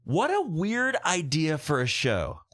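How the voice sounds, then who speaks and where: A man's voice: fairly high pitch, wildly swooping pitch, slow pace, fairly bright tone. A man co-hosting a comedy podcast in casual chat, bantering and playful. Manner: bantering, jumps into silly character voices. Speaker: podcast co-host.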